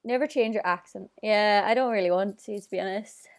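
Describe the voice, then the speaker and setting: A woman's voice: mid-range voice, fairly quick. A young woman with a Northern Irish accent chatting casually on a live stream, bubbly and reading out viewer comments. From Northern Ireland. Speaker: singer hosting a live stream.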